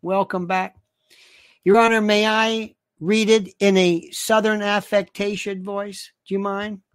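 A man's voice: sits high, level tone, unhurried, clean tone, no room sound, studio quality. A man hosting a livestream, talking in a casual, sardonic way and often dropping to a near-whisper. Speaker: livestream host. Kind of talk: casual commentary.

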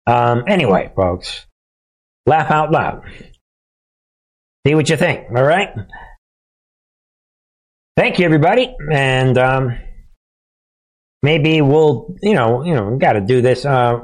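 A male host delivering a political commentary monologue, chuckling and sarcastic as he talks. His pitch swings up and down freely, and he takes his time between phrases. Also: expressive, slow pace, long pauses.

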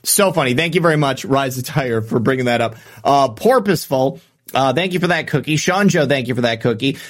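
A man's voice: medium pitch, animated, a little fast. A man hosting a live-stream show, chatting casually and reading out viewer comments with offhand asides.

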